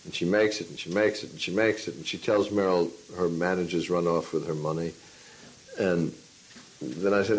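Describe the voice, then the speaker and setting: A fairly low-voiced man talks as a film and stage director in an interview. He tells his stories with life, acting out what he once said. He also teaches a class. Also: normal speed, poor audio. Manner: lively storyteller, acts out his own past lines. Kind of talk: interview answer, telling a story.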